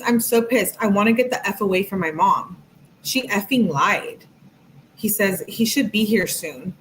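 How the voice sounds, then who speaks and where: A woman's voice: medium pitch, rough recording. Woman reading texts aloud with asides. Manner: plain reading broken by quick skeptical asides. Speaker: true-crime channel host. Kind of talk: reading text messages aloud with commentary.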